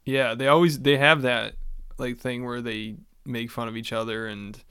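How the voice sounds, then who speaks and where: Male co-host, mid pitch, dry close sound, laid-back and wry. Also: fairly even intonation, moderate pace, bright, forceful tone, smooth, no room sound. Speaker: podcast co-host. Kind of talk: casual reality-TV recap chat.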